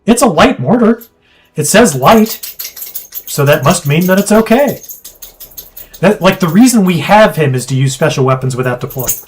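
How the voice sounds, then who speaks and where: A man streaming a strategy game, chatting casually and thinking aloud with quick asides. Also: on the high side, animated, soft background music. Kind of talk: casual gameplay chat.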